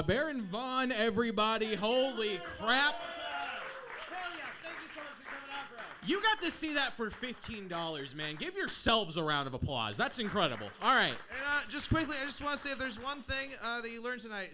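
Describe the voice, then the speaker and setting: A man's voice: high-pitched, sharp tone. A man hosting a live comedy show, enthusiastically bringing the crowd back after a set. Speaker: host. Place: comedy club stage.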